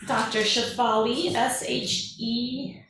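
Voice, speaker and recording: A woman's voice: on the high side, steady tone, takes it slowly, fairly bright tone. Woman, forties, parenting coach, open and conversational talk, live room with heavy echo, mic at a distance. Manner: candid, conversational, emotional at moments. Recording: echoey room, mic from afar.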